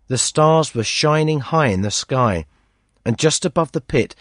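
A man narrating a story, reading in a measured, expressive way with a husky voice. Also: mid-range voice, no echo, studio quality.

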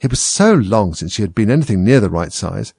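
Gravelly low-voiced man reading a storybook. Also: no echo. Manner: measured, expressive storytelling. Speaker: reader.

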